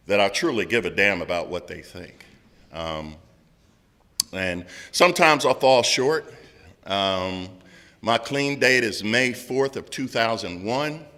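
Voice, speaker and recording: A middle-aged man gives a candid recovery share in a loud, blunt storytelling manner. His voice is bright and forceful, and it rings with a long hall reverb. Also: low voice. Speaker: speaker at a recovery meeting.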